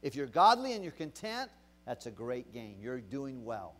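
A man preaching as a pastor, telling a story from his ministry with animated, shifting emphasis. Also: medium pitch, normal speed. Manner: animated, swings between loud emphasis and quiet retelling. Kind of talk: sermon storytelling.

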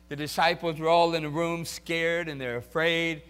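A man preaching a sermon, moving from quiet talk to loud shouting peaks and acting out quoted voices. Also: fairly high pitch, moderate pace, soft background music. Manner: acts out quoted voices and asks the crowd for replies.

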